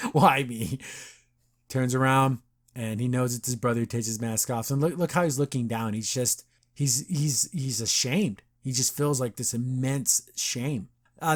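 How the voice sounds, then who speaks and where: A young man hosting a podcast, recapping a cartoon episode in a chatty, enthusiastic way and acting out the characters' lines. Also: mid-range voice. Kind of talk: casual recap commentary.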